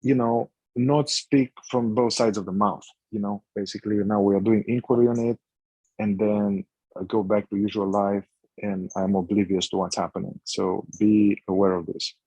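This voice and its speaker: Facilitator type: husky man with a low voice, slow and searching delivery, dry close mic. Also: fairly even intonation, dark tone, no room sound, rough recording. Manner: slow, searching, restarts phrases. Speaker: somatic inquiry facilitator. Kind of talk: guided practice instruction.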